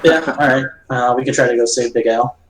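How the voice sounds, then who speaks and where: A man's voice: mid-range voice, fairly even intonation, brisk, poor audio. A man playing a tabletop game, casual and easygoing. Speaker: player. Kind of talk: casual chat.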